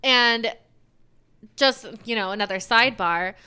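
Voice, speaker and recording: A woman co-hosting a podcast, telling a home story in a casual, animated way and swearing now and then. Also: on the high side, unhurried, smooth. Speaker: podcast co-host. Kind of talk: casual chat.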